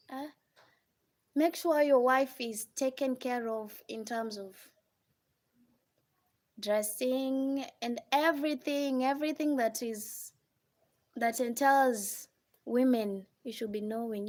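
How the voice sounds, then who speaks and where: A woman with a Kenyan accent and a high voice talks casually on a live stream, handing out blunt advice on marriage. She scolds her listeners with rhetorical questions and keeps checking in with them.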